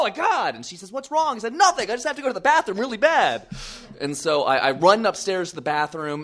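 A young man telling an embarrassing story on stage, animated and self-deprecating, with frequent asides. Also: medium pitch. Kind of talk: live comic storytelling.

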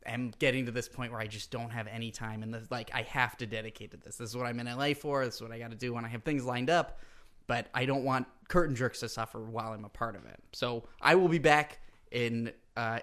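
A man's voice: mid-range voice, a little fast, fairly bright tone. A man co-hosting a casual podcast, talking earnestly in bursts full of "like" and laughing often. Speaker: podcast co-host.

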